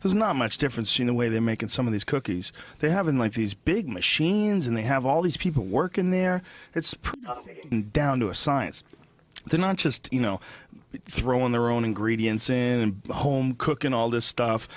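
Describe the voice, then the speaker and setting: A man's voice: mid-range voice, moderate pace, no room sound. Man chatting casually as podcast host. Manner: relaxed, conversational, explains at length.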